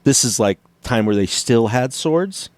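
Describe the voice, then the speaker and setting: Dry-voiced man in animated chat. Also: medium pitch, a little slow, dry recording. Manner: animated, acts out tones and inflections while explaining. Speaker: podcast co-host. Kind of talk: casual chat.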